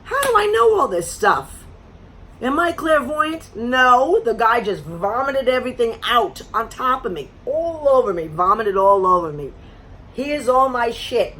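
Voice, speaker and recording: A middle-aged woman vents about a bad date with sarcastic exasperation, her pitch leaping up and down as she talks. There is a faint hiss of noise behind her. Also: fairly bright tone. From Florida. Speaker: vlogger. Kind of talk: casual storytelling rant.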